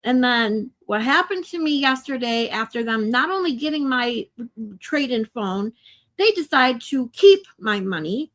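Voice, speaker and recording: A woman chats on her livestream with a fairly high voice. She talks to viewers directly, swears freely and wears her emotions openly. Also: expressive, measured pace, a bit bright. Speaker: livestream host. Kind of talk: casual livestream chat.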